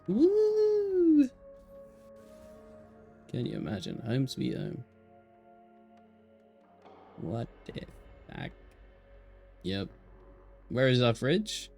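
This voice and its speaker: A man's voice: medium pitch, darkish tone. A young man with an English Midlands accent, chatting and joking casually as an esports caster on a live stream.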